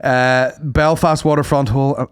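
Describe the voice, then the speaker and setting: A man's voice: medium pitch, moderate pace, smooth, faint music behind. A man co-hosting a comedy podcast, chatting casually and joking while plugging tour dates. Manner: animated, jokey, plugging tour dates with sing-song emphasis. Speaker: podcast co-host.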